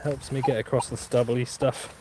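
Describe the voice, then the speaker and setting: A man's voice: medium pitch, flat delivery, normal speed, dark tone. A man with a Norfolk accent, live-streaming from a farm field and chatting casually with his viewers. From Norfolk, England. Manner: chatty, answers viewer chat, chuckles often. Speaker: metal detecting channel host. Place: open farm field outdoors. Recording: outdoor field noise.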